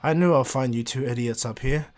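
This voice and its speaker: A calm, teasing older-brother ninja, voiced by a man in a casual fan-told story. He speaks in a relaxed, wry way at an ordinary middle pitch. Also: fairly quick, natural voice.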